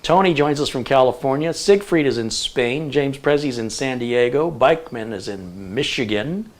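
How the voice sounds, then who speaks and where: A man's voice: medium pitch, lively intonation, normal speed. Chatty male livestream host. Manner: chatty, jokey asides while reading a list. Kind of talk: casual livestream chat, reading viewer locations.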